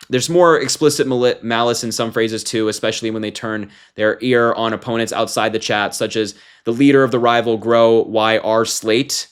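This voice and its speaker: Brief young male commentator, indignant, mid-pitched voice, shifts from loud call-outs to low muttering. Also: fairly even intonation, moderate pace, clean tone. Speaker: political commentator host. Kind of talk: casual political commentary.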